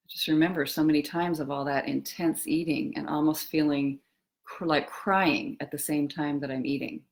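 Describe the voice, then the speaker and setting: A middle-aged woman giving a reflective talk on eating and emotions, speaking softly and slowly with pauses and trailing phrases. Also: deep voice, steady tone. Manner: slow, soft and musing, with pauses and trailing phrases.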